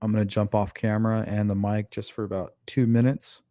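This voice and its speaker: A man's voice: fairly low pitch, level tone, a little fast, warm tone, no echo, clean studio sound. A man hosting a livestream, rambling casually and answering viewers' chat. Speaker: livestream host.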